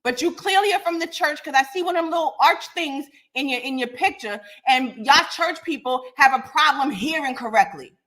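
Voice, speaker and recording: A high-pitched woman hosts a live podcast rant. Her voice is bright and sharp, and she talks bluntly and with a lot of profanity, squaring up to her audience. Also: moderate pace, few pauses. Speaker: podcast host.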